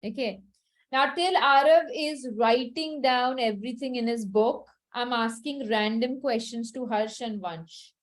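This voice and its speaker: A woman with a fairly high, unhurried voice teaches children a French lesson. She patiently repeats each phrase along with its translation and checks that they understand.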